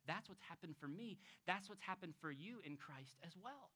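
A man who is a pastor, preaching a conversational expository sermon to a congregation, moving between emphatic raised points and soft, hushed passages. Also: high-pitched, animated, normal speed. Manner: storytelling, acting out quoted people.

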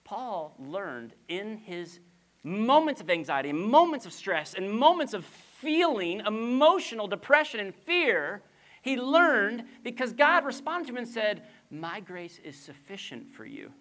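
A middle-aged pastor preaches in a bright, crisp, sing-song voice at a measured pace, the pitch swooping widely. Playful acted-out asides alternate with soft, low emphasis on key lines, and rhetorical questions come often.

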